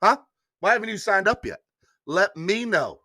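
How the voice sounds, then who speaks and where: A man doing a mock Italian mobster accent as an older male mob boss, in a low gravelly mutter. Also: animated, normal speed, pushed and bright, dry recording, clean studio sound, full character voice. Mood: menacing.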